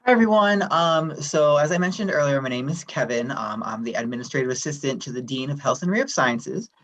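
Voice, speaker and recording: A man presenting at a staff workshop, explaining at a steady, friendly pace with frequent "um" fillers. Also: mid-range voice, fairly quick, low-quality recording. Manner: friendly, even, many "um" fillers. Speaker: workshop presenter, administrative assistant. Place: online workshop session.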